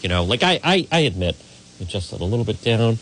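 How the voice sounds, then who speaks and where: A man's voice: on the low side, very animated, quick pace, a bit bright, slight background noise. A man hosting a morning radio talk show, boisterous and exuberant, greeting listeners by name.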